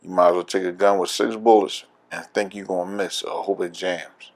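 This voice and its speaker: A man's voice: low-pitched, steady tone, a little fast, vocal fry. A man with a Philadelphia accent, a veteran telling his story in an oral history interview, candid and laughing often.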